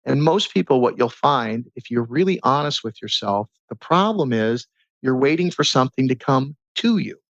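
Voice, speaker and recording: A man guest on a podcast, talking in a casual, animated way and teaching through stories and rhetorical questions. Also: mid-range voice, normal speed, no room sound. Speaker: podcast guest, transformation coach. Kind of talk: casual conversational interview. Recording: dull lo-fi sound.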